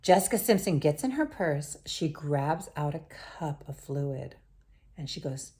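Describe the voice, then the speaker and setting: A woman chatting casually as she recaps a TV episode, rambling and often trailing off into quiet mumbled asides. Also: low-pitched, takes it slowly, husky. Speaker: TV recap vlogger.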